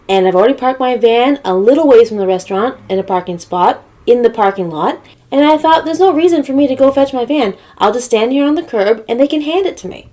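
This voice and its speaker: A woman telling a comedic story as an animated, exasperated rant, swearing often. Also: on the high side.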